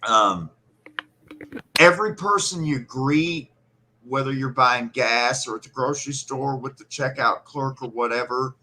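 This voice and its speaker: A man's voice: mid-range voice, a little slow, bright, forceful tone. A man from central Kentucky, hosting a casual podcast chat and rambling animatedly through stories and imitated regional words. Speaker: podcast host.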